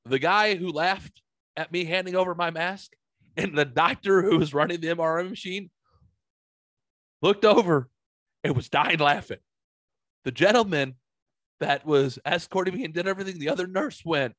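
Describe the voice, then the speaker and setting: Rambling, swearing podcast host, dry sound. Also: male voice, high voice, moderate pace, pauses often, a bit bright, no echo. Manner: rambling, swears freely, many fillers. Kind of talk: casual storytelling chat.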